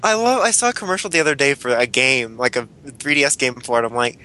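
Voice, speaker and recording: A man's voice: medium pitch, quick pace, music in the background. A young man co-hosting a casual chat, rambling, swearing now and then, laughing often.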